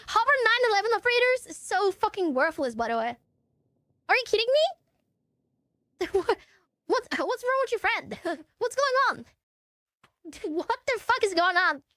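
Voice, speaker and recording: Woman streamer, incredulous, swearing, very high bright voice, dry sound. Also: dry recording. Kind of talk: live reaction commentary.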